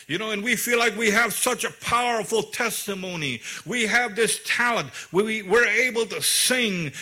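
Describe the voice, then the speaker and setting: A man preaching a sermon in a relaxed, conversational way, often saying "you know.". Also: high voice.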